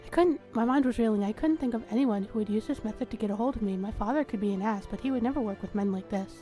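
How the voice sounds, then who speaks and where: A woman's voice: on the high side, quick pace, soft background music. Woman host narrating a story game. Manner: steady first-person narration. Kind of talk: reading a story game aloud.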